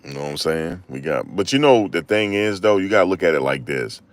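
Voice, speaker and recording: A man tells casual stories in a very low, deep voice, slipping into acted-out quotes and slang. He is recorded close on a desk microphone with a dry, dead sound. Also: very animated, brisk, dry recording. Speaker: channel host. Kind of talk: casual storytelling commentary.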